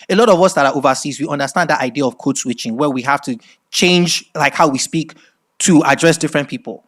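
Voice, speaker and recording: A middle-aged man from Nigeria with a Nigerian accent, giving a masterclass lecture as animated storytelling and often checking in with "right?". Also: fairly high pitch, a little fast. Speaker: speaker at a masterclass.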